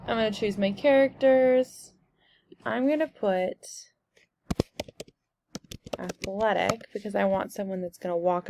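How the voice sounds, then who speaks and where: A young woman walking through a software tutorial step by step in a casual, explaining way. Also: mid-range voice, gravelly, slight background noise. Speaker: instructor.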